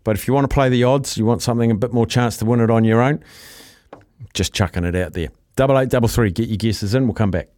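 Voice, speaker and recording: A man hosting a casual radio show, reading out listener texts with brisk, jokey asides. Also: mid-range voice, a little mellow, no room sound, studio quality. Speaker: radio host.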